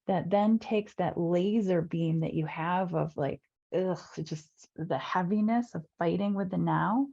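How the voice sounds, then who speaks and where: A woman life coach talks through a webinar in an earnest, repetitive way, often acting out the inner voices of her listeners. Her voice is gravelly with a warm, mellow tone. The audio is dull and lo-fi, like a computer mic on a video call. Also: fairly low pitch. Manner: earnest, repeats phrases, acts out inner voices. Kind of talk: webinar talk.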